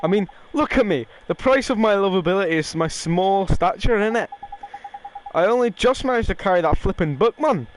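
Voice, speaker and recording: A man's voice: high voice, normal speed, slight background noise, close to an everyday voice. Man reading as little fairy, cheeky, chatty, loose try at an accent. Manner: rough attempt at a regional accent, casual reading. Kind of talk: reading game dialogue aloud.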